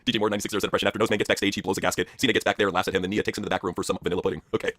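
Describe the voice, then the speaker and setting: A man reading out viewer suggestions for a comedy skit in a flat, quick way. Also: on the low side, no echo, studio quality. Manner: flat quick read-outs. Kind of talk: casual reading aloud.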